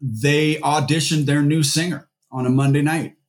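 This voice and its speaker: This Seattle-area musician, interviewed as a guest, has a voice on the high side with a steady tone and moderate pace. His casual talk wanders through stories, full of fillers and false starts.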